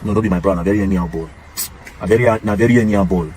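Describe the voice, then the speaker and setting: A man's voice: sits low, very fast, mellow, a little hiss or hum. A man with a Nigerian Pidgin English accent, talking straight to camera and pleading emphatically in pidgin. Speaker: social media commentator. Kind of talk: casual monologue to camera.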